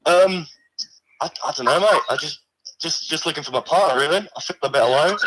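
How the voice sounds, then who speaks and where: A man's voice: a little high, brisk, over a noisy crowd, close to an everyday voice, low-quality recording. A man putting on a matey ghost hand with a fake Australian accent. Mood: laid-back. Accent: put-on Australian. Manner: matey, casual, calls everyone mate. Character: laid-back male ghost of a severed left hand. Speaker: caller. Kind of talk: improvised comedy phone-in.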